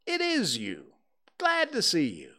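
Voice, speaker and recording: A man's voice: high voice, huge pitch swings, takes it slowly, bright, forceful tone, pitched above the performer's own voice, exaggerated voice. A man voicing a cautious, polite male rabbit, speaking in a prim and fussy way.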